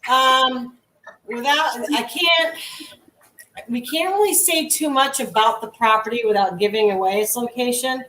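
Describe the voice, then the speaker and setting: A woman's voice: fairly high pitch, a little slow, bright, forceful tone. A woman who is a guest paranormal investigator, telling stories casually and laughing along the way. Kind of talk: casual storytelling. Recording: roomy and distant from mic.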